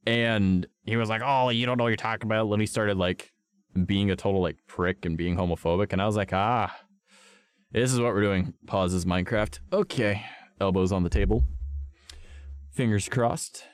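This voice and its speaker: A man's voice: on the low side, moderate pace, clean tone, no echo. A young adult man streaming, telling a story in casual chat, blunt and profane.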